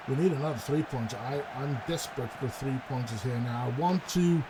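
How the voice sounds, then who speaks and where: A man's voice: medium pitch, background noise. A man casually commenting as he plays a football management game, hesitant and chatty, perking up when chances come. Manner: chatty, hesitant, with bursts of excitement at goals. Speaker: gaming YouTuber. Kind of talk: casual let's-play commentary.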